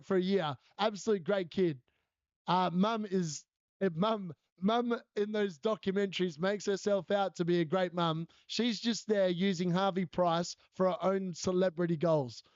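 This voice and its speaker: A man's voice: high voice, no room sound. A man, hosting a fantasy football live stream, telling a story in casual chat and laughing often while he answers viewers. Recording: dull lo-fi stream audio.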